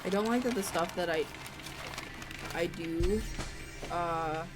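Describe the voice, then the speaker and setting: A woman's voice: on the low side, slow, over music. A woman streamer playing a horror game, jumpy and swearing as she chats to her viewers. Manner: jumpy and swearing, chattering to chat. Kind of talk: casual live-stream chat.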